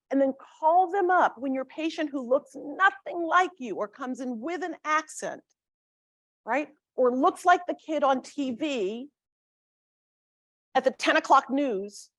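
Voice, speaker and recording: High-voiced woman lecturing emphatically. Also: no echo. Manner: emphatic, checks in with rhetorical "right?". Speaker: grand rounds lecturer. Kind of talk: academic lecture.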